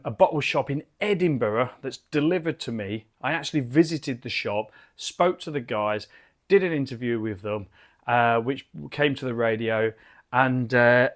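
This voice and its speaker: A British man giving a chatty, enthusiastic and rambling beer review from his garden cabin bar. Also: mid-range voice. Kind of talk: casual video review.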